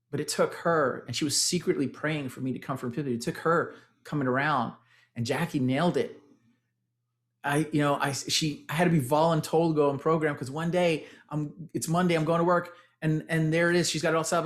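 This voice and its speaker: This is a motivational testimonial from a man in his forties with a Texan accent who used to be a tech executive. His pitch is fairly high, his tone steady, and his pace fairly quick as he energetically recounts his fitness story to listeners he keeps calling "guys."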